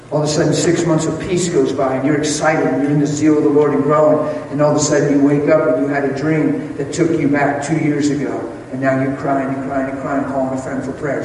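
A male preacher giving an animated, conversational sermon and acting out scenes for the congregation. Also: medium pitch, slight background noise. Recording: echoey hall from far off.

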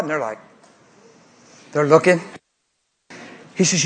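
A man preaching a sermon, telling a story with acted-out voices, moving between hushed tones and shouts. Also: on the high side, moderate pace, long pauses, breathy edge. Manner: animated, acts out voices, swings from hushed to shouting.

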